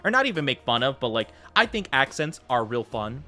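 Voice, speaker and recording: A man's voice: medium pitch, very animated, a little fast, sharp tone. An American man chatting casually while streaming a game, rambling with lots of fillers and tangents. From United States.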